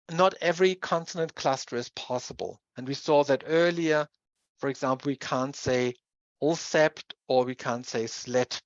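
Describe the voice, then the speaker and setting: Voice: medium pitch, no echo. Lecturer, dull recording. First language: German. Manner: explanatory, spells out sounds and examples. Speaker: university lecturer.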